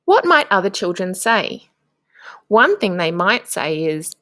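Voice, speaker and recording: A woman, a primary school teacher, narrating a lesson for young children in a slow, encouraging way with clear prompts to the class. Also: mid-range voice, big pitch swings, a bit bright, no room sound, clean studio sound.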